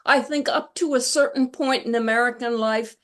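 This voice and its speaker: A woman being interviewed as an author, telling stories in a reflective, measured way. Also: fairly high pitch, fairly even intonation, a bit bright. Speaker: guest author. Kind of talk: conversational interview.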